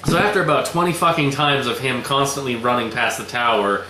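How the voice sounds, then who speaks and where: A young man talks through a story in a casual, rambling chat, swearing freely and slipping into little acted lines. His voice is bright and forceful. The room around him is roomy and echoey, with a faint hiss underneath. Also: mid-range voice, a little fast. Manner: loose, rambling, swears a lot, acts out lines.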